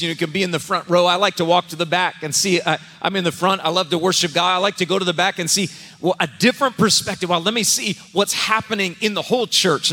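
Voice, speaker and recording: Bright-voiced male pastor in echoey church. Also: high-pitched. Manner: humorous, conversational storytelling. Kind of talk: sermon with personal story. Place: church sanctuary.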